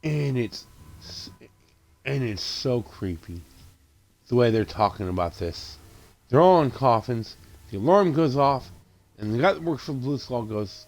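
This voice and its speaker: A man talks through a horror movie he just watched in a loose, unscripted recap. He swears freely, stumbles and restarts his sentences, and slips into quick acted-out bits of what the characters said. His voice sits at an ordinary middle pitch. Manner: excitable, profane retelling with frequent restarts and acted-out quotes. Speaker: movie reviewer. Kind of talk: casual spoken movie recap.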